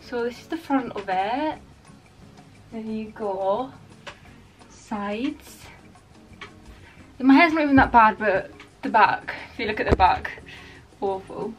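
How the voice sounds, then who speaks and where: Young woman vlogger, chatty and frank, a touch high, light music under her. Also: slow, pauses often. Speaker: beauty vlogger. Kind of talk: casual vlog chat.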